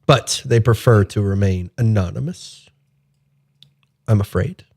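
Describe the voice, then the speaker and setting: A man's voice: lowish voice, measured pace, gravelly, darkish tone. A man voicing a pompous, self-important male town leader in a tabletop game. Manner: pompous, theatrical.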